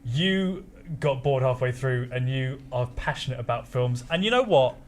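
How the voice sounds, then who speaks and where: A man's voice: medium pitch, animated, normal speed, slight background noise. A man guesting on a film review show, talking casually, stumbling over his words and laughing often. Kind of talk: casual chat. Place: studio set.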